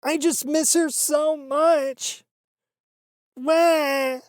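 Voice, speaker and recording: A man's voice: very high-pitched, unhurried, darkish tone, no echo, clean studio sound, voice pushed up. A man mocking his mother, putting on her voice as a whiny, fake-sobbing middle-aged woman. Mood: whiny mockery. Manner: mocking, whining, sing-song.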